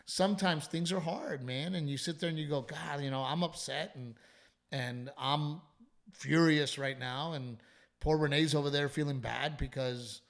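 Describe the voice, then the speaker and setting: A man's voice: a little high, gravelly. A man, hosting a comedy podcast, who tells stories animatedly and swears casually. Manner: animated storytelling, frequent swearing, quick asides. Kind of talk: casual chat.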